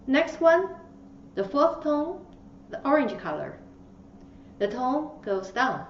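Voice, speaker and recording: A woman's voice: sits high, very animated, slow pace, pauses often. A woman teaching beginners the tones, patiently drawing out each syllable. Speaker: Chinese language teacher. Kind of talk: slow instructional lesson. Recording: roomy, distant, slightly dull mic with faint hiss.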